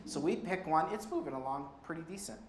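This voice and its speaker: A man preaching a sermon, telling a travel story in a conversational, animated way with occasional laughs. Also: fairly high pitch, fairly quick. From Colorado. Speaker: pastor. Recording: roomy hall sound with faint background noise.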